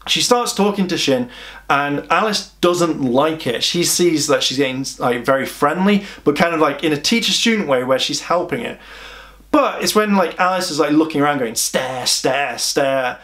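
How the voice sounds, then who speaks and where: A man's voice: a little high, expressive, normal speed, fairly bright tone. A man giving a casual, chatty video review of an anime, rambling and exasperated with many restarts.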